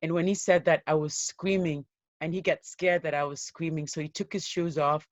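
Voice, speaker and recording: A woman giving an interview as a guest, telling her own life story in an earnest, steady way. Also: deep voice, moderate pace, dry recording. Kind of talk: personal story told in an interview.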